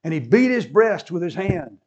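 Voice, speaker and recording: A man's voice: sits high, big pitch swings, moderate pace, a little mellow, dull audio. A man preaching a sermon, explaining scripture and acting out the people in it with rising fervor. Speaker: pastor.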